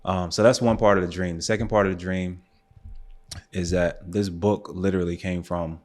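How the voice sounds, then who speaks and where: Speaking at a normal speed with a deep voice, a young adult photographer from the US tells a personal story on a podcast. He's laid-back and casual, dropping lots of "um"s and "like"s.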